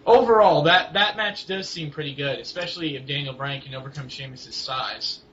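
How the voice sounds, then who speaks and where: A young man co-hosting a casual wrestling chat, rambling and halting, with lots of fillers and restarts. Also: a little high, a bit bright. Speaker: co-host of a wrestling blog. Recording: dull lo-fi home recording with faint hiss.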